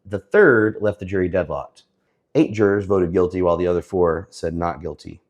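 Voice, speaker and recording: A man giving casual, sarcastic commentary on the week's news, often pausing with fillers. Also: low-pitched, lo-fi sound. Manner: sarcastic, hesitant with many fillers.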